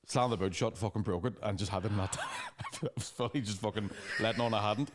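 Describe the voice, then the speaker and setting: A man, telling rambling, sweary stories as a podcast co-host in casual chat. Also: fairly low pitch. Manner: fast, sweary storytelling with laughing asides.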